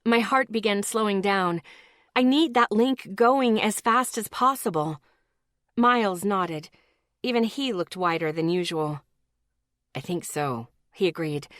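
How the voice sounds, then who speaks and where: A woman reading a first-person audiobook, her telling blunt, tense and sprinkled with swearing. Her voice sits at a middle pitch. The recording is dry, with no room sound. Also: a bit bright, no echo. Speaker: audiobook narrator.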